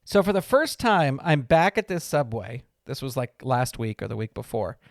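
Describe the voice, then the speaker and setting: Speaking at a normal pace in a medium-pitched, sing-song voice, this podcast host rambles through a casual story, chatty and constantly cutting himself off to start again. The small studio recording is clean, without echo.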